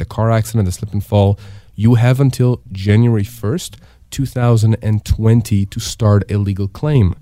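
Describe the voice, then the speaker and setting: Emphatic lawyer, man with a low mellow voice. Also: no echo, studio quality. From Canada. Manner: emphatic, repeats rhetorical questions. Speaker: disability insurance lawyer, guest. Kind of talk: radio talk show advice.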